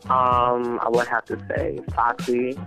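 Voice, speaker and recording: A bright, sharp-toned man speaks as a rapper guest on a radio show, loose and heavily profane, breaking into laughter between thoughts. Faint music hums beneath his voice in the studio. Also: medium pitch, monotone, takes it slowly, poor audio. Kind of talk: casual interview chat.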